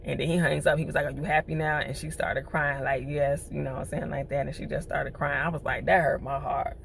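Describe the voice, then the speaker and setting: A woman recapping a TV episode in a chatty, animated way, full of slang. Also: low voice, brisk, creaky, a little hiss or hum. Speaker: TV show reviewer.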